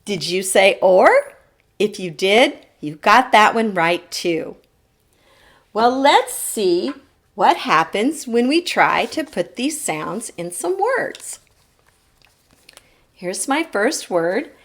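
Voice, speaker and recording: Slow, lively-voiced woman teaching phonics. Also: mid-range voice. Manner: patient, models sounds for children to repeat. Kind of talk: televised phonics lesson. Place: TV studio lesson set.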